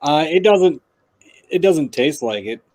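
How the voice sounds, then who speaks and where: A man's voice: a little high, lively intonation, a little slow, a little mellow. Joking man chatting on a live stream. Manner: laughs often, joking. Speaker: car YouTuber on a live stream. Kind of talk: casual chat.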